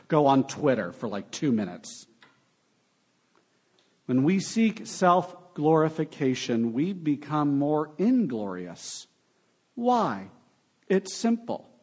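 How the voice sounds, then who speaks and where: A young adult man preaching a sermon, animated and full of sarcastic asides. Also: on the high side. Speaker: pastor.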